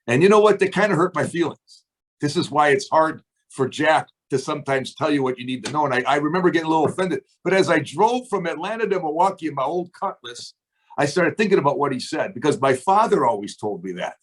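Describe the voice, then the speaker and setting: A man's voice: fairly high pitch, expressive, fast, husky. A middle-aged man leading a sales team on a video call, giving an emphatic, preachy motivational talk and asking his listeners questions.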